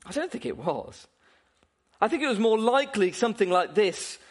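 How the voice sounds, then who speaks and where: A man's voice: high voice, sing-song, normal speed. A man preaching a sermon, asking his listeners questions and chuckling now and then, with frequent restarts.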